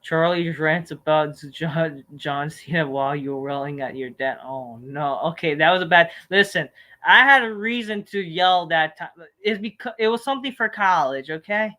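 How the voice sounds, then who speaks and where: A man with a somewhat high voice runs a casual live stream Q&A, rambling through viewer questions. He swears freely and jumps into loud, animated outbursts. He talks into a computer mic. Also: normal speed.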